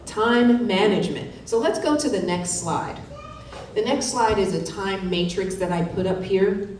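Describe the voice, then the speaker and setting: A woman's voice: mid-range voice, unhurried, darkish tone. A woman leading a wellness workshop, coaching the room and checking in with "right?" after her points. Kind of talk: live workshop presentation. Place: conference hall. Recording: very echoey hall, distant mic, faint noise.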